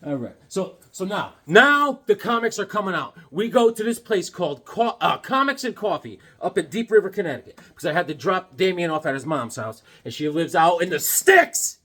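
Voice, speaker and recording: A middle-aged man vlogging casually, excitable and joking as he talks straight to the viewer. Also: high-pitched, normal speed, few pauses. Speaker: comic collector vlogger. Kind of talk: casual show-and-tell vlog.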